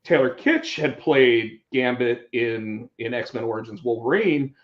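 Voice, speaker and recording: A podcast host in casual movie chat, animated, with many restarts. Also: male voice, mid-range voice, unhurried. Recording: roomy, dull lo-fi sound.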